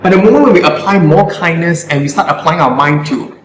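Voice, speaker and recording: A man's voice: on the high side, fairly quick, roomy sound, a little hiss or hum, low-quality recording. A man coaching on public speaking in a live Q&A, earnest and often repeating words as he finds his phrasing. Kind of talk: live stream Q&A.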